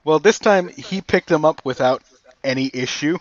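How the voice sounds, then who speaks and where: A man narrating as game master of a tabletop game in a casual, halting way. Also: fairly high pitch, dry recording, dull audio.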